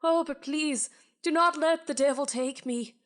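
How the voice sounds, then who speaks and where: A frightened old miser, stammering and pleading through tears, as a woman acts him out. His voice rides high and strained. It is a tabletop game scene. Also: unhurried, a bit bright. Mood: pleading, sobbing. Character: sobbing old miser begging a spirit, male.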